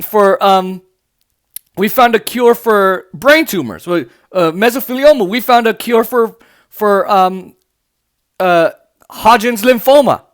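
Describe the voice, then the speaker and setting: A man's voice: sits high, slow. A man hosting a political podcast, reacting to news clips in an angry, profane, mocking rant that breaks into laughter. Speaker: podcast host.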